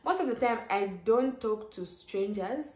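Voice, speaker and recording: A woman's voice: a little high, measured pace. Young woman, story-time vlogger, chatty and exclaiming, roomy echo. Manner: chatty, lively, many "like" fillers and sudden exclamations. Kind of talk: casual storytelling.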